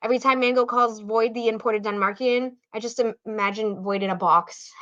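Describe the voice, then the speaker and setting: A young adult woman reading out chat comments on a live stream, quick and chirpy, laughing easily. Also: on the high side, steady tone, fairly bright tone. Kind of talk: casual livestream chat. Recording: slightly dull lo-fi audio.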